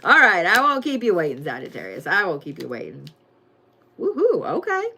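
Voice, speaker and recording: A woman giving a casual, profane, excitable weekly zodiac reading and calling her viewers y'all. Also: sits low, fast, creaky. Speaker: tarot and astrology reader.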